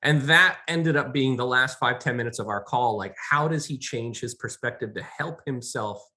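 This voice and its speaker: A young adult man co-hosting a casual talk show, animated and storytelling as a counselor. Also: mid-range voice, normal speed. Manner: animated, storytelling with acted quotes. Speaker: podcast co-host, counselor. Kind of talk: casual conversation.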